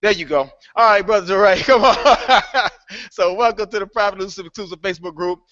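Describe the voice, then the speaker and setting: A man hosting a live online call, welcoming new members in a lively, playful way and laughing often. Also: high voice, fairly quick, no echo. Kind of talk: casual live call-in chat. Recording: dull lo-fi online call audio.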